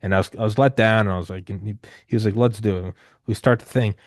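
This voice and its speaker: Low-voiced rambling male podcast host. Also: fast, no echo, clean studio sound. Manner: rambling, animated, swears casually, many restarts. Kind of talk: casual conversational storytelling.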